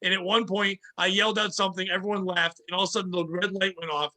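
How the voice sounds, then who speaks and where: A man hosting a comedy podcast, ranting loudly in casual chat and swearing freely. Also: high voice, fast talker, hardly any pauses. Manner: rowdy, ranting, swears freely, acts out quotes. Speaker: podcast host.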